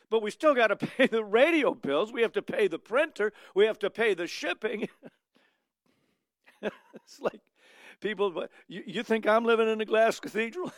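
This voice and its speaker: Man preaching, hushed to emphatic. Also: high voice, animated, normal speed, no echo, clean studio sound. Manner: storytelling, swinging from hushed to emphatic. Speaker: radio preacher. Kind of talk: sermon.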